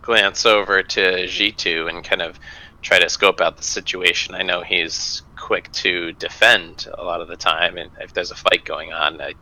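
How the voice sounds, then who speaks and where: A man playing a tabletop game who describes his move slowly and hesitantly. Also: low voice, little pitch movement, pushed and bright, rough recording. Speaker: player. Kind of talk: tabletop role-play.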